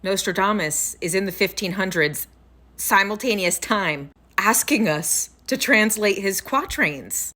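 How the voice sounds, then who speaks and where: A woman's voice: mid-range voice, expressive, measured pace, pushed and bright. A woman voicing a curious woman hypnotherapist who coaxes and questions with disbelief. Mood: coaxing. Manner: coaxing, incredulous.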